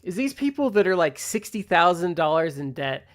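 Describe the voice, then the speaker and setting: A man co-hosting a casual podcast, chatting in animated bursts and acting out quoted reactions. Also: high-pitched, normal speed. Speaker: podcast co-host. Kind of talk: casual chat.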